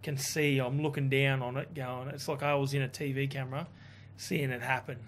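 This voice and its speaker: A man telling a story in a casual chat, animated and swearing, quoting others in his own voice. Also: medium pitch, fairly quick, slight background noise. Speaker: guest.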